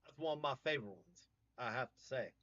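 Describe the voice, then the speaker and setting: A man's voice: medium pitch, expressive, a little fast, fairly bright tone, no echo. A man from the American South who hosts a casual livestream, joking, trading puns and greeting viewers by name. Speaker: livestream host. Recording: slightly muffled dry mic.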